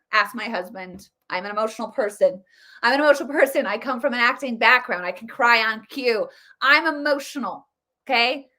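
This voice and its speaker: A woman's voice: on the high side, pushed and bright. A woman giving casual political commentary, emphatic and repeating her points. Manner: emphatic, repetitive.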